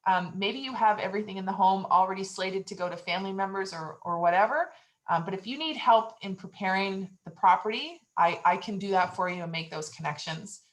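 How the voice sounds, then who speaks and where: A woman's voice: medium pitch, brisk, rough recording. A woman leading a real estate training session on a video call, giving encouraging, conversational advice.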